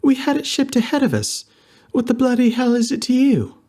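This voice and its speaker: A man's voice: high voice, big pitch swings, a little slow, vocal fry, warm tone, voice pushed up, exaggerated voice. A man reading an audiobook, voicing a fierce young female dog creature who talks bluntly and snaps back. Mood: indignant. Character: fierce young female canine biped, British.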